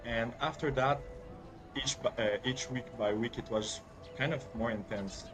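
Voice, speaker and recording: A man telling a personal story hesitantly, with many pauses and fillers. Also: medium pitch, over music. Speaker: interviewee.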